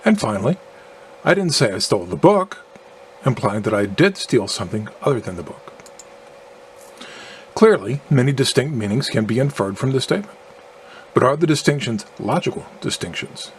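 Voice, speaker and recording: Male narrator, measured and argumentative scripted read, mid-pitched, faint background noise. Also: very animated. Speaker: video narrator.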